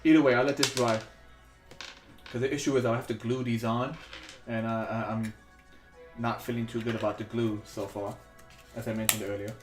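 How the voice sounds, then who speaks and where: A man's voice: medium pitch, little pitch movement, moderate pace, long pauses. Rambling man chatting while he sculpts. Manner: rambling, hesitant, many fillers and restarts. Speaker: sculpting livestream host. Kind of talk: casual chat while working. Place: home studio in New York. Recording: roomy echo, faint music behind.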